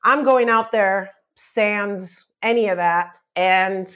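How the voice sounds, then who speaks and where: A middle-aged woman, a comedian guest, telling a story on a chat podcast with lots of acted-out shouts and quotes. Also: medium pitch, slow pace, lo-fi sound.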